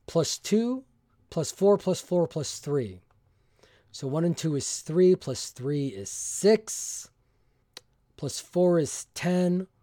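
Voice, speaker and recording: A man with a slightly higher voice narrates a solo tabletop game. He is getting over an illness and speaks close to the microphone in a dry, dead room. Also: dark tone, no room sound. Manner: reads game text aloud, then narrates in character as a ship captain. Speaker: solo tabletop game player and podcast host.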